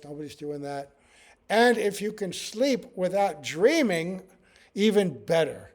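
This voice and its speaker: A man's voice: a little high, a little mellow. A man teaching a scripture class, telling stories with acted-out quotes and often asking "right?". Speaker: spiritual teacher.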